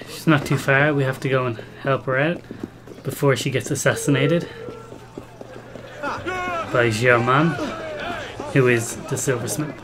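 A man's voice: mid-range voice, fairly even intonation, fairly quick, noisy background. A man giving casual, self-mocking commentary while playing a video game. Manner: chatty, self-mocking, laughs at himself. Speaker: gameplay commentator. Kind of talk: casual let's-play commentary. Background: game music.

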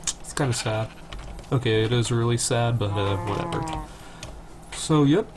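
A young man drawls slowly through casual let's-play commentary, rambling and poking fun at himself. His voice sits at an ordinary pitch. A cheap home mic adds a steady hiss, with keyboard clicks behind him. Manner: rambling, self-deprecating, chatty. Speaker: gaming channel host. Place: home room at a computer. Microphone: cheap desktop mic near keyboard. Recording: noisy low-budget home recording.

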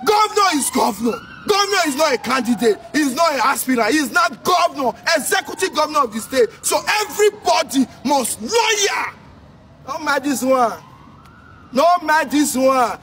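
A man from Edo State with a Nigerian Pidgin English accent, delivering a loud, sing-song scolding commentary. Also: extremely high pitch, very animated, normal speed. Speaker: social commentator. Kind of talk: ranting commentary. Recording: distant mic with faint noise.

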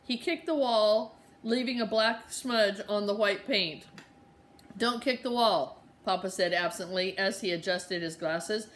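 A woman reads a children's chapter book aloud in an easy, conversational way. Her voice sits at a middling pitch for a woman. A faint hiss runs underneath. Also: a little slow, hardly any pauses. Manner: relaxed and conversational, with many fillers in the recap. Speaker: reader of a children's novel. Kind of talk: reading a chapter aloud after a spoken recap.

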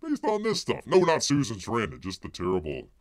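A man's voice: medium pitch, huge pitch swings, brisk, no echo. A man hosting a live-stream news commentary, rambling and mocking, full of filler words, who speaks of himself in the third person. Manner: heavy filler words and restarts.

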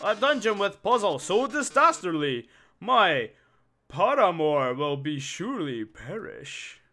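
A man voicing a flamboyant male robot game-show host with a melodramatic, drawn-out sarcastic delivery. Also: sits high, big pitch swings, bright, forceful tone, faint music behind, exaggerated voice. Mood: mock-tragic.

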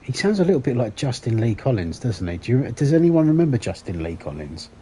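A man's voice: medium pitch, sing-song, fast talker, warm tone, breathy edge. A man streaming a game, chatting casually with viewers, joking, rambling and swearing as he goes. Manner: joking, rambling, swears often, laughs at his own jokes. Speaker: gaming livestreamer. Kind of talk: casual livestream chat while playing.

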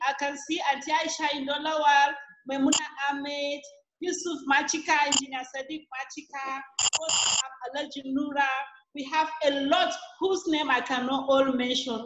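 Earnest high-pitched woman, grateful testimonial, reverberant room with steady background noise. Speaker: team member giving thanks. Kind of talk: testimonial speech on an online call.

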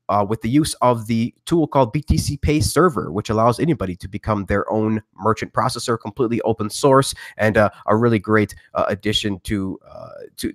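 A man's voice: on the low side, no room sound, clean studio sound. Upbeat rambling man hosting a podcast. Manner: rambling, filler-heavy, upbeat. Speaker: podcast host. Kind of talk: casual show intro and interview.

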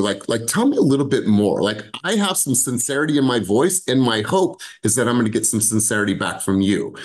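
Animated American male sales coach. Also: lowish voice, brisk, low-quality recording. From United States. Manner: animated, acts out tones of voice. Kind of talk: live team coaching session.

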